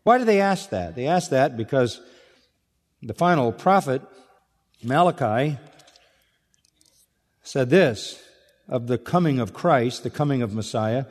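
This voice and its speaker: A man's voice: mid-range voice, animated, unhurried, pauses often, a little mellow. A man preaching an expository sermon, emphatic and repetitive, firing off rhetorical questions to his listeners. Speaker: pastor. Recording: long hall reverb.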